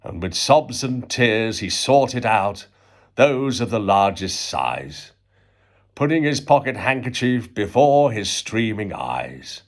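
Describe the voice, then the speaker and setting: A man reading a storybook poem aloud, slow and expressive with dramatic pauses. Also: fairly low pitch. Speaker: reader.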